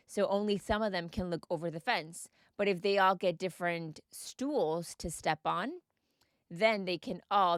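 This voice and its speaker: An earnest woman hosting a podcast, her voice smooth and fairly low for a woman. She speaks directly to her listeners and keeps asking them questions in an encouraging way. The sound is close and dry. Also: dry recording. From United States. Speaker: podcast host and mindset coach. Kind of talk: reflective podcast monologue.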